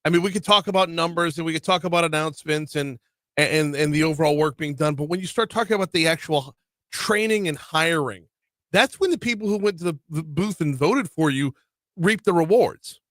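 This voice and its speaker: A man hosting a radio talk show, chatty and energetic, often repeating words as he starts a sentence. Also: on the high side, brisk, dry recording. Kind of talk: radio interview.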